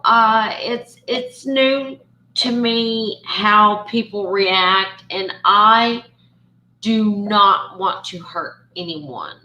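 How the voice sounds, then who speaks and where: Slow-talking woman in an echoey room. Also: mid-range voice. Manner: warm, chatty, many fillers and restarts. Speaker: host. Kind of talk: casual chat on a call. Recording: echoey room, faint ambient noise.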